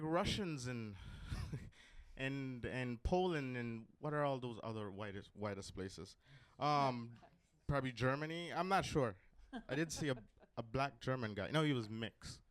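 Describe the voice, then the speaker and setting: A man's voice: mid-range voice, animated, a little slow, clear, resonant tone. A man from Jamaica doing a stand-up set on a club stage, rambling with many ums between crude punchlines. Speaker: stand-up comedian. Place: comedy club stage with audience.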